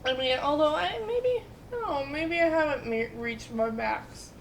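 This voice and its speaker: A woman in her twenties chatting casually, telling lively stories full of fillers and quoted voices. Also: high-pitched, a little slow, creaky, roomy sound, slight background noise. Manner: animated storytelling with many fillers and quoted voices. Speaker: storyteller in casual chat. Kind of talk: casual chat.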